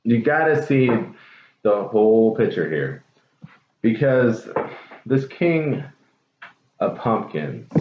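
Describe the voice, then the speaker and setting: A man's voice: on the low side, very animated, slow pace, long pauses. A man giving a casual, chatty tarot reading to viewers, with lots of fillers and trailing thoughts. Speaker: tarot reader. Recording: dull echoey room with faint noise.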